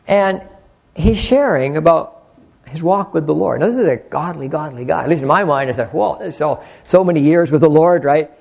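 A man's voice: a little high, expressive, normal speed, gravelly, a little mellow. An older man preaching an earnest, conversational sermon, rambling with frequent restarts. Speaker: pastor.

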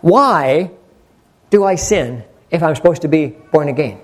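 A man's voice: a little high, animated, a little slow. An older man preaching an earnest, conversational sermon, rambling with frequent restarts. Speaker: pastor.

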